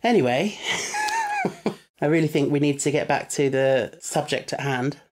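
A man's voice: a little high, huge pitch swings, measured pace, husky. A young man, co-hosting a casual podcast chat and laughing easily as he tells stories. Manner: chatty storyteller, laughs easily. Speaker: podcast co-host. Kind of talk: casual chat reviewing an episode.

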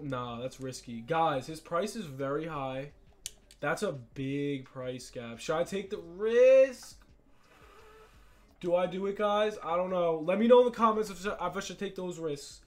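A young man, casually commentating a video game with excitable, frustrated outbursts. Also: fairly high pitch. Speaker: gaming YouTuber. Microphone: desk mic with face cam.

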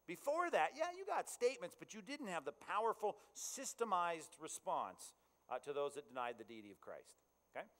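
A male pastor preaching in an easy, conversational style, often asking his listeners if they follow. His voice sits a touch high and carries a long reverb, as in a big hall. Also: big pitch swings, moderate pace, fairly bright tone. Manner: conversational, checks in with the audience. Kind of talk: sermon.

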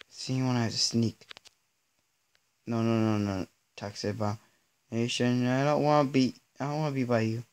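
A man narrates his own gameplay in a let's-play commentary, exasperated and given to stammering restarts as things go wrong. His pitch swings widely and animatedly around an ordinary middle level. He keeps pleading aloud with the game itself. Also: expressive, normal speed, bright, forceful tone. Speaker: gaming video creator.

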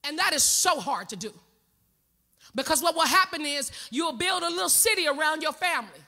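High, bright-voiced woman pastor preaching. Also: expressive, a little fast. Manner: impassioned preaching with call-outs to the congregation. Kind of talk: sermon. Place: church sanctuary.

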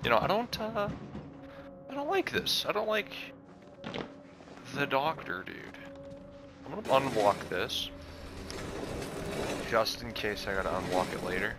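A young man hosting a horror game playthrough, chatting casually and yelping and shouting when startled. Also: mid-range voice, animated, a little slow, pauses often. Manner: jumpy, yelps and shouts when scared. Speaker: gaming video host. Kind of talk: let's play commentary. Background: game music.

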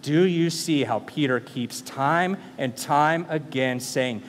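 A man's voice: on the high side, slow pace, hardly any pauses, slight background noise. Preaching man in a reverberant church. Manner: animated preaching with rhetorical questions. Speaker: pastor. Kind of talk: sermon. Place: church sanctuary.

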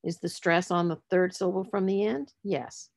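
Woman literacy instructor, lower voice, patient explanatory lecture delivery. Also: steady tone, normal speed, gravelly. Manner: explanatory, spells out letters, stresses words for emphasis. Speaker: literacy teacher. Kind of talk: presenting a lecture on word structure.

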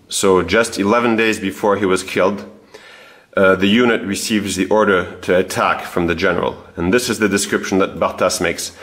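A man's voice: sits low, a bit bright. A man hosting a history video, explaining his research in a casual, thinking-aloud way with frequent restarts. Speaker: history channel host. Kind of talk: casual spoken history presentation.

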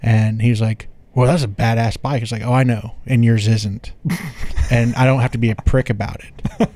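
Man, mid-pitched voice, podcast co-host, blunt, opinionated. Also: steady tone, moderate pace, warm tone, a little hiss or hum. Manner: leads the discussion, blunt and opinionated. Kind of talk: casual podcast chat.

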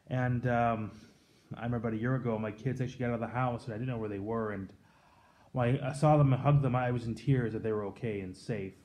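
Earnest mellow-voiced male pastor. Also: mid-range voice, steady tone, quick pace. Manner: earnest, reflective storytelling that drops soft and quiet on tender points. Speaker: pastor giving a daily devotion. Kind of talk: scripture reading and devotional sermon.

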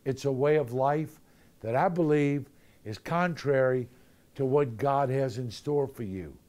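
A man's voice: mid-range voice, a little slow, darkish tone. Man preaching in a chatty way. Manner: conversational, jokey storytelling with acted-out voices. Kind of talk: sermon.

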